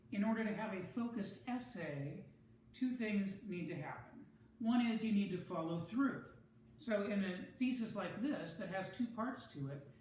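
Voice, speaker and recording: A teacher giving a measured, explanatory writing lesson, speaking slowly and carefully to students. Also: mid-range voice, a little mellow. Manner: measured, explanatory, rereads for clarity. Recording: very echoey room, mic far off, faint noise.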